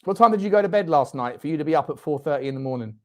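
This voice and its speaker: A man's voice: a little high, expressive, very fast. A man hosting a live football watchalong, chatting with viewers between outbursts at the game. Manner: chatty, reads out viewer comments, bursts into shouting at the referee and chances. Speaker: fan watchalong host.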